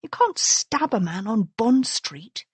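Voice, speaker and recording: A woman voicing a sharp-tongued young noblewoman in an audiobook, with an arch, teasing manner. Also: a little high, sing-song, takes it slowly, slightly rough, no room sound, full character voice. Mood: earnest. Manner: arch, teasing, mock-concerned.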